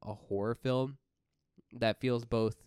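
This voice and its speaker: A man co-hosting a horror film podcast, talking in a measured, explanatory way and steering the segments. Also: medium pitch, steady tone, a little mellow, clear, resonant tone, no room sound, studio quality. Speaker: podcast co-host. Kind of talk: casual chat.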